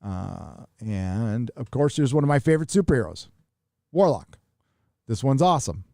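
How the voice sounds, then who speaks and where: A man's voice: medium pitch, lively intonation, moderate pace, vocal fry, warm tone, no room sound, studio quality. A man hosting a live stream, chatting casually and reading out viewer donations in a rambling, profane way. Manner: rambling, profane, reads chat donations aloud.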